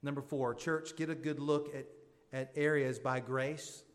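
A man's voice: steady tone, measured pace. A man preaching a sermon as pastor, pleading with his congregation and building to fervent appeals. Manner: pleading, rising to fervent high-pitched appeals. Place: church sanctuary. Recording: long hall reverb.

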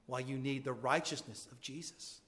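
A man's voice: medium pitch, steady tone, normal speed, fairly bright tone. A male pastor preaching a sermon with earnest emphasis, his voice rising on pointed questions.

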